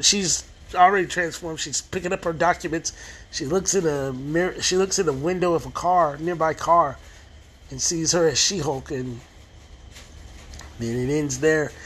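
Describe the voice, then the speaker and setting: A man with a high-pitched voice talks through an episode of a show in a loose, casual recap. He rambles, often backs up to restart a phrase, and acts out the quoted lines as he goes. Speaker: TV show reviewer.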